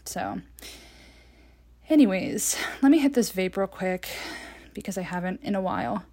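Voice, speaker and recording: A woman's voice: mid-range voice, big pitch swings, normal speed, dark tone. A woman in her twenties hosting a podcast, rambling through casual stories with laughs and casual swearing, recorded on a phone. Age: 20s. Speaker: podcast host. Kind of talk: casual solo chat.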